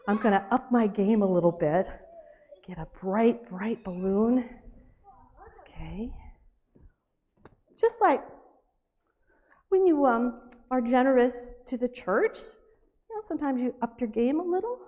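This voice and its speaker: A woman telling a playful children's story with a puppet at a church service, animated and laughing as she coaxes and scolds. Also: a little high, moderate pace.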